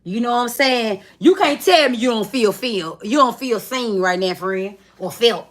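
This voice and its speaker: A woman's voice: a little high, lively intonation, normal speed. A woman giving a tarot reading in casual, chatty talk, swearing freely and calling the viewer friend. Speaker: tarot reader.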